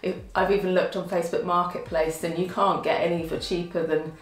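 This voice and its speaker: A woman chatting casually to camera about things she found for her home, self-deprecating and quick to laugh. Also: on the low side, level tone, echoey room. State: out of breath from lifting. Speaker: vlogger showing a home haul. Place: at home, indoors.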